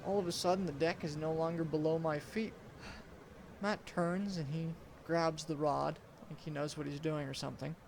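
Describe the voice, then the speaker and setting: Young male storyteller, slightly high gravelly voice, dramatic first-person narration. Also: fairly even intonation, darkish tone, a little hiss or hum. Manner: deliberate, dramatic storytelling delivery. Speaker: student storyteller.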